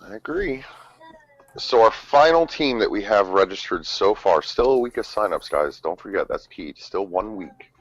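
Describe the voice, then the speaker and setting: A man's voice: lowish voice, lively intonation, moderate pace. A man hosting a casual gaming chat, rambling with lots of fillers and self-corrections, over a muffled online call. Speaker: host. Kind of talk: casual tournament preview chat.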